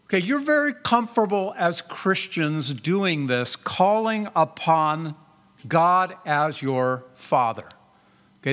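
A man with a high voice preaches a sermon to his congregation, stressing key words and asking rhetorical questions. His voice rings with a long reverb, as if it fills a large church hall. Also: a bit bright. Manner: rhetorical questions, emphatic repetition, reads scripture aloud. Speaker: pastor.

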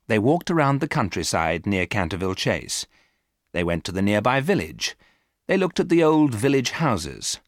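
A man reading a storybook aloud for learners, in a clear, deliberate way. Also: on the low side, sing-song, no echo, clean studio sound. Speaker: narrator.

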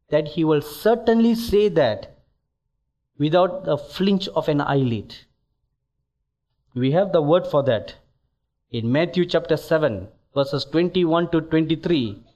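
Slow, emphatic high-voiced male preacher. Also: a little mellow. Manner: emphatic, rising to exhortation, deliberate. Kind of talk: sermon.

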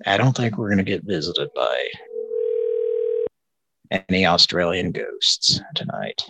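A man hosting a casual comedy talk show, laid-back and rambling in a deadpan way. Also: deep voice, unhurried, creaky, noisy background. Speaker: podcast host.

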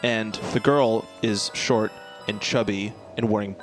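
A man's voice: fairly low pitch, fairly even intonation, measured pace, music in the background. A man co-hosting a comedy podcast, teasing his friends in dry, casual banter. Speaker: podcast co-host.

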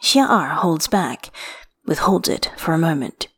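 Woman narrator, slightly low pitch; unhurried, intimate fiction reading. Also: lively intonation, a bit bright, breathy edge. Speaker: reader.

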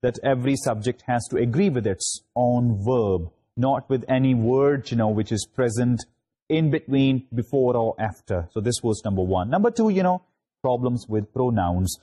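Pakistani-accented male university lecturer, mellow and warm tone, recapping grammar in a halting way full of restarts. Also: mid-range voice. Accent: Pakistani English. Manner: halting, many fillers and restarts.

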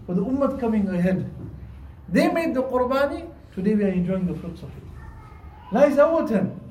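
A man preaches a Friday sermon, his voice strikingly high and mellow. He repeats his points earnestly and slips in Arabic and Urdu phrases. He is heard from a distance in a reverberant mosque hall with faint ambience behind him. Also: very animated, normal speed, a little hiss or hum. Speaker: imam. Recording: echoey hall, distant mic.

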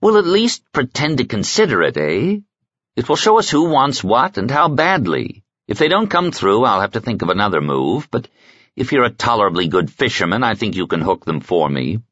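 A man voicing a sharp, restless small male noble investigator with a brisk, commanding, wry manner. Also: medium pitch, sing-song, slightly rough, dry recording, lo-fi sound, voice pushed up. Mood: sly.

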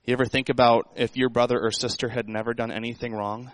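A man's voice: mid-range voice, little pitch movement, fast talker, no echo, low-quality recording. A man preaching a sermon in a conversational way, asking the congregation rhetorical questions. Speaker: pastor.

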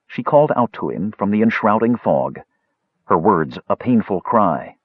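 A man narrates a fantasy audiobook with a low, husky voice. His reading is measured but lively in pitch. The recording is dry and dull, like lo-fi audio. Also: no echo. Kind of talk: scripted narration.

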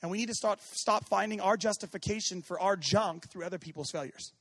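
A man preaching a sermon as pastor, animated, swinging from shouting to hushed tones and acting out quoted voices. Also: high voice, fairly quick, dry recording.

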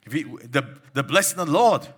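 A man preaching with a high, bright voice that carries a husky edge. He exhorts his listeners in emphatic bursts and mimics the people he mocks to make his point. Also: animated, moderate pace. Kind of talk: sermon.

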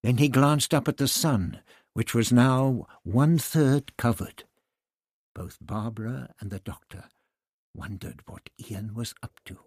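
Slow, husky male storyteller. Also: mid-range voice. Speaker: narrator. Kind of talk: audiobook narration.

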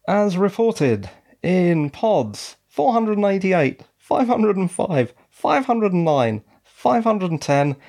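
A man's voice: high voice, very animated, slow, vocal fry, a little mellow. A man from the UK hosting his own podcast, talking casually with wry asides, his voice cracking slightly. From United Kingdom. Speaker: podcast host. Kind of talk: casual solo podcast talk.

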